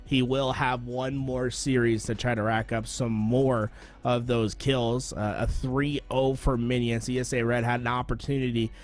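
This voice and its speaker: A man giving relaxed, chatty live commentary on a competitive shooter match, bantering with his co-caster. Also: mid-range voice, normal speed. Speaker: esports color commentator. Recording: noisy broadcast with game gunfire behind. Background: game gunfire and clicks.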